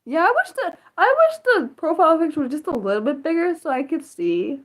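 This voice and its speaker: A woman's voice: high-pitched, big pitch swings, fairly quick. A woman hosting a casual livestream from her phone, reading viewer comments aloud in a rambling, apologetic way with many fillers and restarts. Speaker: livestream host.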